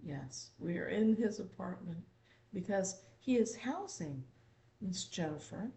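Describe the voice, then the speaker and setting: A woman with a gravelly, mellow voice channels a spirit in an apartment. She swears constantly, repeats herself, and keeps calling the listener "dear". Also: mid-range voice, expressive, measured pace, rough recording. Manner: profane, repetitive, calls listener "dear". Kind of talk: channeling monologue.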